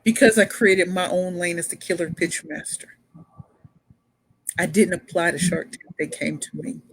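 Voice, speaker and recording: A woman pitch coach telling her story as a motivational speaker, emphatic and repeating phrases for effect. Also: normal speed, breathy edge, low-quality recording.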